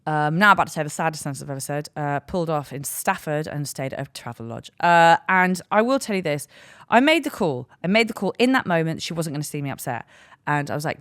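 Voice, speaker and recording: Low-voiced comedian lady in her 30s, rambly self-mocking storytelling, dry close mic. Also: lively intonation, fast talker, fairly bright tone, no echo. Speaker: podcast host and stand-up comedian. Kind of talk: candid comic storytelling. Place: podcast studio.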